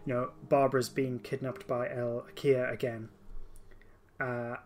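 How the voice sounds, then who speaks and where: Man, podcast host, enthusiastic, halting restarts, mid-pitched voice, faint music behind. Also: level tone. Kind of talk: casual podcast discussion.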